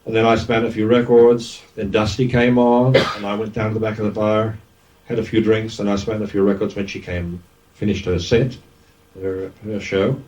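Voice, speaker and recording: A man in his sixties with an Australian accent, a former radio DJ telling lively anecdotes in an interview, often acting out what others said. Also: lowish voice, moderate pace. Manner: lively raconteur, acts out quoted speech. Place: event venue. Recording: dull, distant lo-fi recording.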